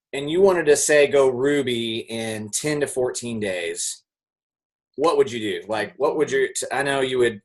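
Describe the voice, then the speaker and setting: Co-host, man with mid pitch, rambling questioner on a call. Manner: rambling, restarts his question. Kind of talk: interview question on a video call.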